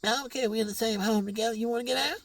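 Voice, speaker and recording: A belligerent old gang member in his seventies, put on by a man, cursing and threatening in a shrill, raised voice. His tone is gravelly and husky and swings widely. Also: fairly even intonation, very fast, distant mic, heavily acted. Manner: rowdy, cursing, high-pitched threats.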